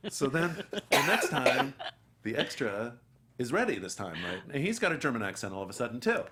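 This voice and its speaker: A middle-aged man, an actor guest, telling an animated story and acting out the people in it. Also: medium pitch, a little fast, noisy background. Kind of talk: anecdotal storytelling.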